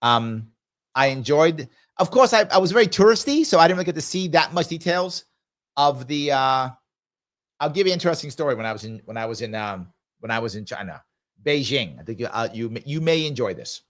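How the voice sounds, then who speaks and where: Animated and a little fast, a mid-range-voiced livestream host runs a live ask-me-anything show. Between responses to viewer comments, he recounts a travel story with conversational emphasis.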